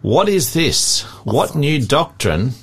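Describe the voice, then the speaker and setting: A man co-hosting a Christian radio show, reading scripture aloud in a steady, measured way. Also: medium pitch, husky. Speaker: radio co-host.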